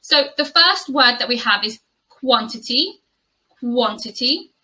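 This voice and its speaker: A woman with a British English accent teaching pronunciation, saying each word slowly and carefully and repeating it. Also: sits high, expressive, sharp tone, poor audio. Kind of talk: pronunciation lesson.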